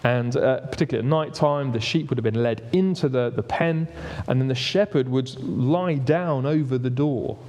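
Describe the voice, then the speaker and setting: A man's voice: mid-range voice, moderate pace, few pauses, a little mellow. A man giving a conversational sermon in a church hall, often restarting phrases and asking for the next slide. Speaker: preacher. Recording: long reverb of a hall.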